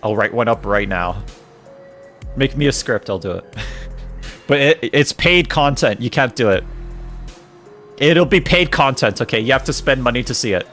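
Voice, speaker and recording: A man's voice: mid-range voice, animated, moderate pace, long pauses, a bit bright, soft background music. A young man streaming games, reading chat aloud and joking with his viewers. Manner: joking, reads chat aloud, frequent laughter. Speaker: game streamer. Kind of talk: casual chat while streaming.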